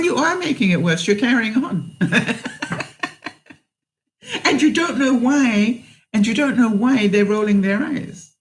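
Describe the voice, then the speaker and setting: A woman's voice: a little high, rough recording. A woman talks straight to her viewers, giving frank advice in a casual way. She laughs often and acts out what she would say to people. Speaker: vlogger answering viewer questions.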